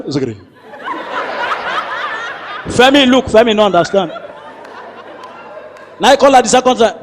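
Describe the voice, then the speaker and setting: A man with a Nigerian accent doing stand-up comedy in pidgin, telling stories with animated voices and shouted sound effects. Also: very high voice, big-room sound, slight background noise. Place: large hall before a live audience.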